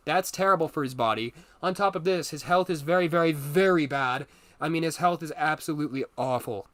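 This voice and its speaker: A man delivers a solo commentary monologue in a bright, fairly high voice. He speaks bluntly and with emphasis, leaning on repeated words. The recording is dry and close. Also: brisk, dry recording. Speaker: commentary channel host.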